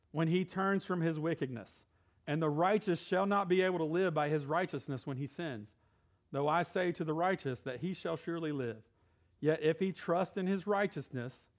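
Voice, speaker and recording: A middle-aged man preaching in a loose, conversational way, breaking off a scripture reading to joke with the congregation. His voice sits notably high for a man. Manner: casual, conversational preaching with asides and Bible reading. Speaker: pastor. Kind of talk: sermon.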